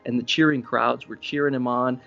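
This preacher's voice is brisk and gravelly, sitting in a middle range as he tells stories in a relaxed, chatty sermon. He leaps up in pitch for emphasis, and faint music plays under a somewhat dull recording.

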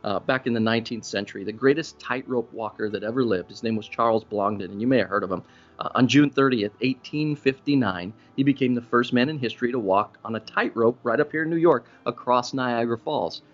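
A man preaching a sermon in a conversational storytelling way, with sudden animated rises for emphasis. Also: medium pitch, brisk, muffled recording. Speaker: pastor.

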